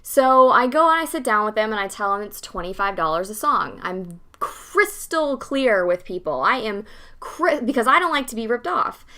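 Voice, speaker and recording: A young woman hosting a podcast, telling a story in a casual, animated way, acting out the dialogue and swearing freely. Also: on the high side, normal speed. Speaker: podcast host.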